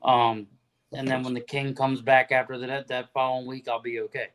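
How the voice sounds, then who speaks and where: A man's voice: medium pitch, flat delivery, normal speed, a bit bright, poor audio. Blunt grumbling man calling in. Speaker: regular caller. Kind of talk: casual sports chat.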